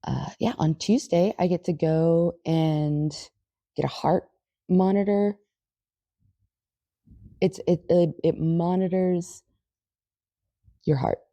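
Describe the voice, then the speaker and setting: A woman's voice: lowish voice, fairly even intonation, takes it slowly, pauses often, dark tone, dry recording. A woman chatting casually in a home vlog, swearing now and then and chatting with her dog. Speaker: vlogger. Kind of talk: casual chat. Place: home, indoors.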